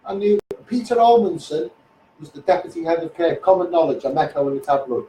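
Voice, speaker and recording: Slightly high, expressive and a little fast, this man's mellow voice carries a Liverpool accent; he's an English livestreamer delivering a rambling, blunt monologue. "Mate" and "you know what I mean" crop up constantly, over a roomy, distant phone stream with faint background noise.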